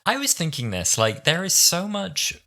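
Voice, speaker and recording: A man in his twenties co-hosting a casual podcast chat, animated and acting out quotes with big jumps in his voice. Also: on the high side, moderate pace. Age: 20s. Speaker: podcast co-host.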